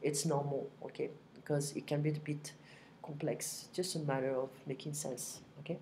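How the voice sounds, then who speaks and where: A woman's voice: low voice, fairly even intonation, mellow, slight background noise. A woman teaching in a casual online lesson, patient and repetitive, checking in with "okay?", recorded at home on her computer microphone. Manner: patient, repeats phrases slowly, frequent "okay?". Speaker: French teacher. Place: home, next to her kitchen.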